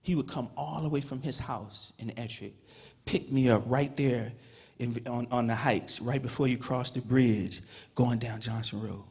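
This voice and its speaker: At a Hall of Fame induction in a ceremony hall, a man from Petersburg, Virginia, speaks to the audience at normal speed in a husky, a little mellow, mid-range voice. He tells his stories conversationally, with frequent "you know" fillers.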